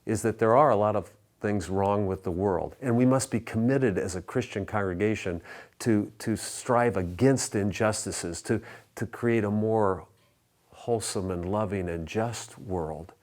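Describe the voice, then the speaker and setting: A low-pitched man preaching from the pulpit of a church. He speaks in a measured, reflective way, and his voice sinks almost to a whisper on the sayings he repeats. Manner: measured preaching with soft, hushed repeated refrains. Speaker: pastor. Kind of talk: sermon. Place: church sanctuary.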